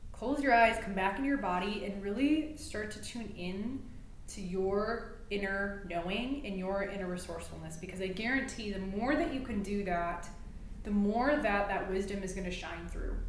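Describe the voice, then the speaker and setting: A woman's voice: mid-range voice, slight background noise. A woman chiropractor co-hosting a podcast, talking with passion and emphasis in casual conversation. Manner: passionate, emphatic, gets fired up. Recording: echoey room with faint ambience.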